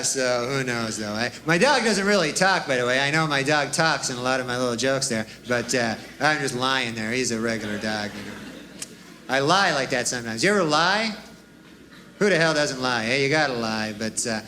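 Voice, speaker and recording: A man's voice: mid-range voice, lively intonation, normal speed, sharp tone. A man performing stand-up comedy on stage, with a rambling, dry delivery full of "you know" and "huh" tags. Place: stage before a live audience. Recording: live club recording with audience laughter and noise.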